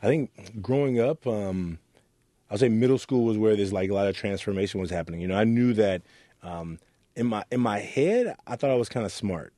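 A man from Oakland speaks in an interview with a low, mellow voice. He tells his story earnestly as a youth mentor and acts out the people in it. The room is dry and close. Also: animated, brisk, dry recording. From Oakland, California. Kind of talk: reflective interview talk.

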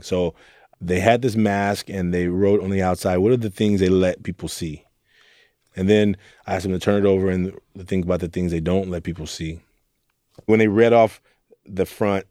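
A man's voice: low-pitched, warm tone, no room sound, studio quality. A young man from Oakland, a youth mentor, speaking candidly and reflectively in an interview. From Oakland, California. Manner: earnest, reflective storytelling with quoted asides.

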